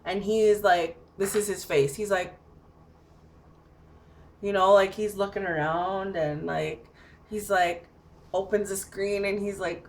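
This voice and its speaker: A woman's voice: medium pitch, a little slow. Chatty young woman telling a funny story. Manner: chatty, laughing, full of "like" fillers. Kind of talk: casual anecdote telling.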